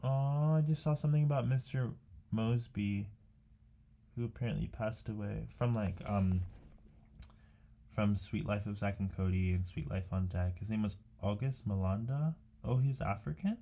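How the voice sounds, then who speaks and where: A man's voice: on the low side, moderate pace, creaky, warm tone. A young man rambling casually to himself while painting, chatty and meandering with many fillers and restarts. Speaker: art vlogger.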